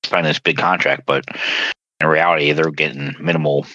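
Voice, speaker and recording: A man's voice: very deep voice, little pitch movement, brisk, bright, forceful tone, highs cut off. A man co-hosting a podcast, chiming in with short agreeing comments. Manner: brief agreeing responses. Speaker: podcast co-host. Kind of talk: casual chat.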